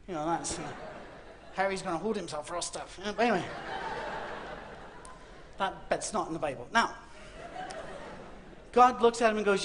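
A man's voice: high voice, a little fast, long pauses, fairly bright tone, a little hiss or hum. A man giving a humorous sermon, telling a Bible story as comic stories and acting out the voices. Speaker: preacher. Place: university auditorium.

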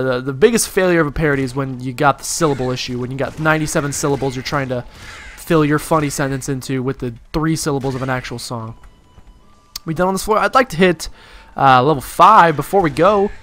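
A man's voice: a little high, a bit bright. A man with a slightly raised voice talks through a video game run. He rambles through loose tangents and pokes fun at his own play as he goes. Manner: rambling, self-deprecating, jokey asides. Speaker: let's play commentator. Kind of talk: casual gameplay commentary.

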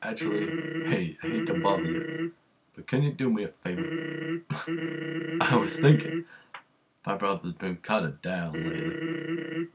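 Man voicing a lazy, punning skeleton; slow and loose, lilting. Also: a little high, gravelly, echoey room, rough recording. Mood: laid-back. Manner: easygoing, relaxed punning. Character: lazy joking male skeleton, laid-back. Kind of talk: fan voice-over of a game.

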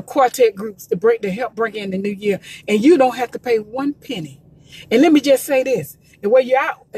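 A woman, from Georgia, speaks live into her phone from the roadside. Her voice sits a little high and husky. She talks in an emphatic, preachy way and repeats herself often. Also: no echo. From Columbus, Georgia. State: emotional, near tears. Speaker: gospel promoter. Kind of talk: live social media talk. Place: in a car by the road.

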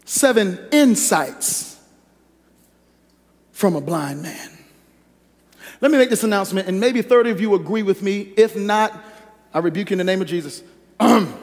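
A pastor preaching a sermon and reading scripture, with lively call-and-response that teases the congregation. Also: male voice, high-pitched, brisk. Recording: echoey hall reverb.

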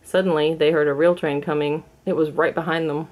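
A woman reading a children's storybook aloud in a clear, measured storytelling manner. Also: sits low, little pitch movement, darkish tone, a little hiss or hum. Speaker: storybook reader. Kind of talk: storybook read-aloud for kids.

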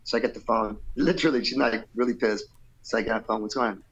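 A man spins a loose, conversational tale as an interview guest, full of fillers and asides. He drops into playful put-on voices whenever he quotes someone, and his pitch sits right in the middle for a man. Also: fast talker, breathy edge, dull audio. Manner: animated, playful, acts out quotes with shifting voice; laid-back, rambling with fillers and "you know". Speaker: rock vocalist guest. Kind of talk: casual storytelling interview.

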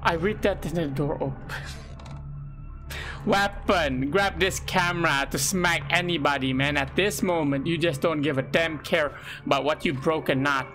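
A man commentating a horror game let's play, excitable, swearing and yelping at scares, in non-native English. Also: fairly high pitch, moderate pace, rough recording. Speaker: gaming YouTuber. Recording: loud game music behind.

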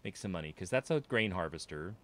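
Low-voiced man rambling over gameplay. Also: animated, a little fast, a bit bright, a little hiss or hum. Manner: rambling, thinking aloud to viewers. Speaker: game streamer. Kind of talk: casual gameplay commentary.

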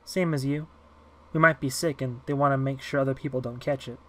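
A man voicing a timid eight-year-old girl who talks softly and quietly in an audiobook reading. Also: medium pitch, steady tone, brisk, close to an everyday voice. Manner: soft and hushed.

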